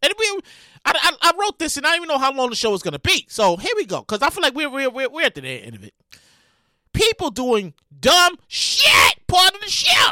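A high-voiced woman riffs through the headlines of her comedy podcast, exasperated and animated. Her pitch leaps all over the place, and her tone is bright and cutting. The sound is close and dry. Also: racing, no echo. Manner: loud, exasperated and animated, with profanity and repeated phrases. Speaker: podcast host. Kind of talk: comedic news commentary.

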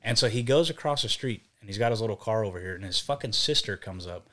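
A young band vocalist with a fairly low voice talks fast, telling a road story in casual podcast chat. He's profane and animated, cursing freely and acting out what people said.

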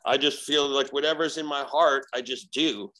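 A man, a shaman guest on a podcast, telling a story in casual chat, animated and profane. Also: mid-range voice, normal speed. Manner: animated, profane, acts out quoted dialogue.

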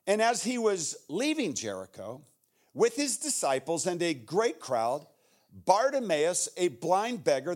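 Preaching as a guest, an American-accented pastor sits high in pitch. He dramatizes the story with shouted voices and softens to a hush during prayer.

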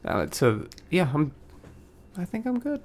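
A young man co-hosting a casual podcast, his voice gravelly with vocal fry. He rambles in a relaxed, self-deprecating way. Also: on the high side, unhurried. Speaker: podcast co-host. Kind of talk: casual chat.

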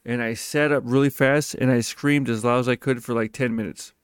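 A man's voice: mid-range voice, brisk, clear, resonant tone, dry recording, clean studio sound. A man host telling a personal story in a casual monologue, swearing often and speaking with emphasis. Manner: profane, emphatic and animated.

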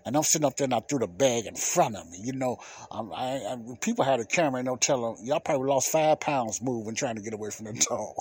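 A husky, medium-pitched podcast host talks fast through a personal story on a dry recording. The telling is casual and lively, full of colloquial phrasing and repetition.

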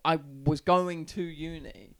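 Slow and steady, a creaky, fairly bright, slightly high voice belongs to a young South East Londoner appearing as a podcast guest. He rambles through a story in casual conversation, swearing a lot and peppering it with "like".

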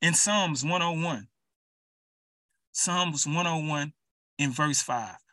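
A man's voice: a little high, slow pace, sharp tone, no room sound, recorded from a distance. A man preaching an urgent, emphatic sermon, speaking straight to his listeners.

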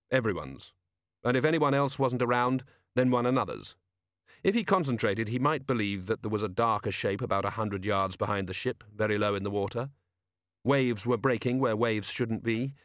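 A man narrating an audiobook in an even, measured reading. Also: medium pitch, no echo, studio quality. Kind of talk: scripted narration.

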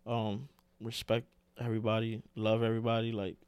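A man co-hosting a casual podcast, talking in an animated, slangy way and saying "bro" a lot. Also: on the low side, brisk, clear, resonant tone, no room sound. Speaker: podcast co-host.

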